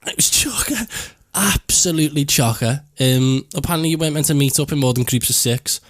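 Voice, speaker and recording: A young man with a Liverpool accent, co-hosting a casual podcast with quick, jokey banter. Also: fairly high pitch. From England. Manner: jokey, quick banter with sudden excited jumps. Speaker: podcast co-host. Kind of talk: casual chat.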